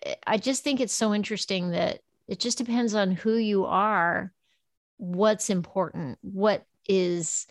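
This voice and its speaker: A woman's voice: mid-range voice, unhurried, no room sound, clean studio sound. Encouraging woman podcast host. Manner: encouraging, enthusiastic exclamations. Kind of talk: interview and host wrap-up.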